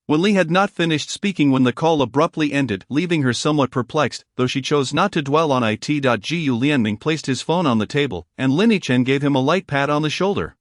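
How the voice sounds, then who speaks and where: A man reading a novel aloud as narrator, in an even, measured storytelling manner. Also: medium pitch, no room sound, clean studio sound. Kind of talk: audiobook reading of a romance novel.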